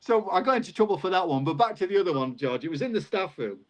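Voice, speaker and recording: An older man tells stories as a guest on a live video call, in a fairly high voice. He speaks casually and animatedly, his pitch leaping up whenever he recounts what was said. He is a retired teacher in his sixties. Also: fast, low-quality recording. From England. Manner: lively storyteller, pitch jumps up when recounting exchanges. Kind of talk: casual anecdotal storytelling.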